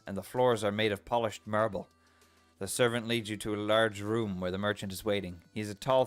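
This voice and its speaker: A man streaming a text adventure game, reading its story aloud and reacting playfully, often laughing. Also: lowish voice.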